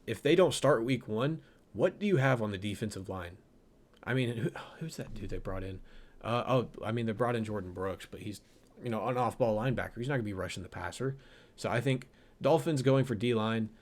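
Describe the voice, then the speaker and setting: Young male host, casual draft breakdown, rambling and self-correcting, laughs at his own jokes. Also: medium pitch. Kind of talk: casual mock draft commentary.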